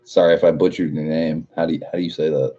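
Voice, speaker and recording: A man's voice: rumbling low, fairly even intonation, fairly quick, warm tone, dull audio. A man hosting a casual livestream, reading viewer comments aloud and joking with a lot of profanity and frequent laughter. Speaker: livestream host.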